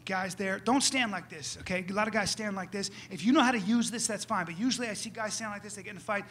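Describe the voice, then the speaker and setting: Rambling stand-up comedian, high voice. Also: male voice, quick pace, a bit bright, a little hiss or hum. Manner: loose, rambling with frequent "okay?" and "you know".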